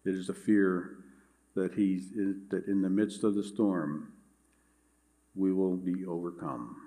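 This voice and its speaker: Male pastor, lowish voice, measured earnest sermon delivery. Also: fairly even intonation, mellow. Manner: measured, earnest preaching with scripture reading.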